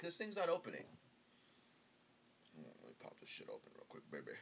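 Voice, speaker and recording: A man's voice: fairly low pitch, wildly swooping pitch, moderate pace, vocal fry, pauses often, pushed and bright, slight background noise. A man hosting his own show, chatting casually in a rambling, profane, joking way while drinking beer. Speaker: podcast host. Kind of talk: casual solo chat.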